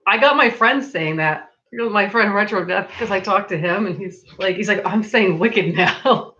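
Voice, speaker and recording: Heard through lo-fi sound, a Massachusetts woman with a Boston-to-Rhode-Island local accent chats on her livestream at normal speed. Her mid-range voice is pushed and bright as she reads comments, laughs often, and fills her talk with "like."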